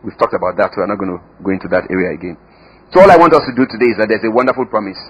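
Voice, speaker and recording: A man preaching a sermon as pastor, emphatic, with sudden swings in loudness and pitch and repeated words. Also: very fast, husky, muffled recording.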